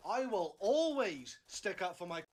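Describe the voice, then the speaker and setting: A man's voice: sits high, very animated, measured pace. A man doing a comedy monologue, listing exceptions in a sarcastic, mock-earnest way. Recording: noisy recording.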